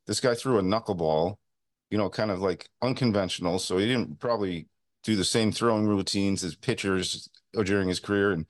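A man's voice: fairly low pitch, moderate pace, no room sound, studio quality. A man co-hosting a sports podcast in an easygoing, chatty way. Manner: easygoing, laughs between remarks. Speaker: podcast co-host. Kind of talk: casual chat.

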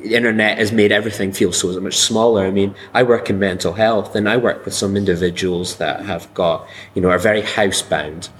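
A man's voice: on the low side, fairly even intonation, fairly quick, hardly any pauses, low-quality recording. A man from Scotland chatting casually as a podcast co-host, rambling with lots of fillers. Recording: background noise.

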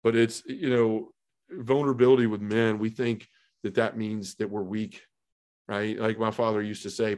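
A middle-aged man with a fairly low voice tells his personal testimony. He speaks earnestly, acts out the people he quotes, and drops to a near hush at the emotional moments. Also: flat delivery, normal speed. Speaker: podcast guest telling his testimony.

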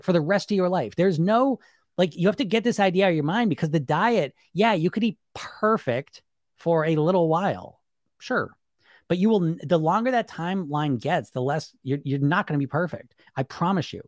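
A man coaching people on weight loss in a casual, animated way, often acting out the thoughts in people's heads. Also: on the high side, no echo, clean studio sound. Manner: animated, conversational, acts out inner voices.

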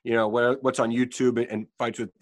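A man's voice: medium pitch, little pitch movement, a little fast. A man hosting an interview, asking thoughtful, leading questions and stumbling a little as he rephrases. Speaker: interviewer, host.

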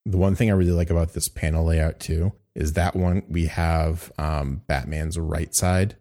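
Low-voiced man chatting casually. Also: fairly even intonation, moderate pace, warm tone. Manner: rambling, laughs often. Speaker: comic reviewer. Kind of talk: casual chat.

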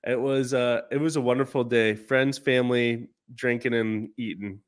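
A man's voice: mid-range voice, fairly even intonation, normal speed. A man co-hosting a podcast in casual chat, telling stories in a laid-back way with some swearing. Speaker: podcast co-host.

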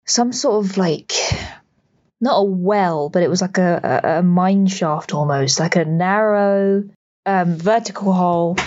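A woman's voice: medium pitch, a little mellow, lo-fi sound. A woman, a podcast co-host, recounting a dream on a voice memo, rambling with many fillers. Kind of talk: recorded dream account.

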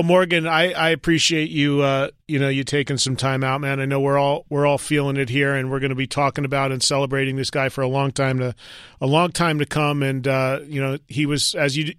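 A man's voice: mid-range voice, a bit bright, clean tone, no echo, studio quality. A male radio host wrapping up an interview, thanking his guest at length.

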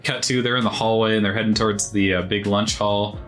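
A man with a somewhat low voice talks through his points earnestly on a gaming podcast, meandering with fillers. Faint music sits underneath. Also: steady tone, fairly quick, a bit bright. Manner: earnest, thoughtful, rambling with fillers. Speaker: podcast co-host. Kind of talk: casual chat.

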